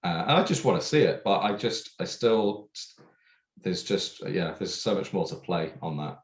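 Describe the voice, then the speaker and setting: A man's voice: deep voice, animated, normal speed. A man co-hosting a casual podcast chat, hesitant with many fillers and restarts. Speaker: podcast co-host.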